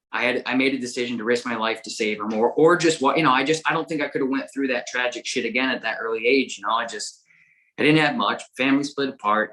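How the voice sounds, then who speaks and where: A man who is a guest on a dog-training podcast tells a story in a casual, animated way. His voice is bright and forceful. He stumbles over repeated words and swears freely as he gets caught up in the story. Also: medium pitch, rough recording.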